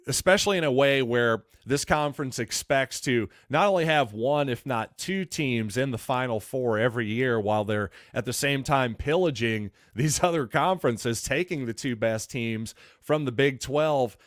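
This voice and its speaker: A man's voice: medium pitch, no echo, studio quality. Opinionated male sports podcast host. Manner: opinionated, conversational, wry. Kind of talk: solo sports podcast commentary.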